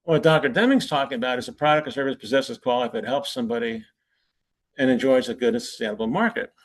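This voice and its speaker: A man's voice: mid-range voice, expressive, fast talker. Man telling workplace stories in a talk. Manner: storytelling, chuckles at his own punchlines; conversational with restarts. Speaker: conference presenter. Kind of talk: anecdotal lecture.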